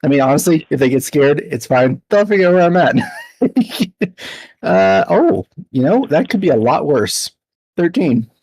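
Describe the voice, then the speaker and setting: A man playing a tabletop role-playing game, chatty and laughing often, lifting his pitch when he speaks in character. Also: sing-song, a little slow, vocal fry, darkish tone, husky, no echo. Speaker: player.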